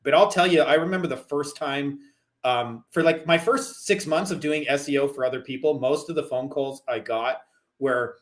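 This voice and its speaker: A man's voice: medium pitch, normal speed. Canadian-born guy chatting about marketing, middle-aged, says "like" constantly. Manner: rambling, heavy on "like" fillers. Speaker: guest, digital marketer. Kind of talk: casual chat.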